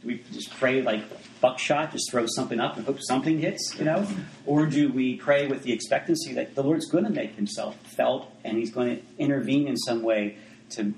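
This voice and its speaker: A man gives a sermon in an easygoing, conversational way, often breaking off into asides and restarting his sentences. His voice sits at an ordinary pitch. The room around him rings with echo. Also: fairly quick, gravelly, darkish tone, slight background noise. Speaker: preacher.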